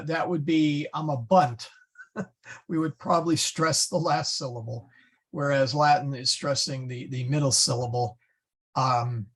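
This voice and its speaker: A man teaching a Latin class, slowly going through verb forms and correcting his own slips. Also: on the high side. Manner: slow, patient, stumbles and self-corrects; spells out Latin forms one by one. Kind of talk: classroom lesson.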